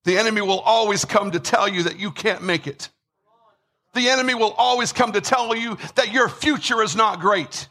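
A man preaching a sermon with emphasis, repeating words and rising to shouts. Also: sits high, normal speed. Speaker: pastor.

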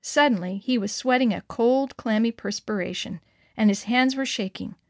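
Expressive woman reading a story aloud. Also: a little high, normal speed, no echo, clean studio sound. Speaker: narrator.

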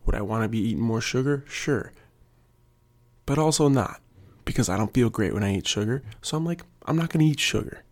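Young gym teacher dude rambling, kinda low voice, jokey and worked up. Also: male voice, animated, fairly quick, long pauses, a little mellow. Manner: jokey, self-mocking, gets worked up. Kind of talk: casual rambling monologue.

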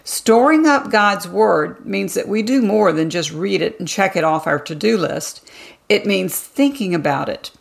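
A woman reads a scripted devotional teaching as the show's host, calm and measured, leaning on key words. Her mid-pitched voice carries a strong, constant gravelly fry.

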